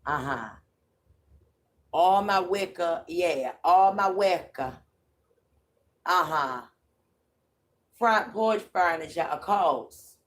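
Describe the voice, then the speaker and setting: A woman's voice: on the low side, expressive. A woman hosting a livestream, telling a story in a profane, repetitive way. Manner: slow, drawling, profane, repeats herself. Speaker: livestream host.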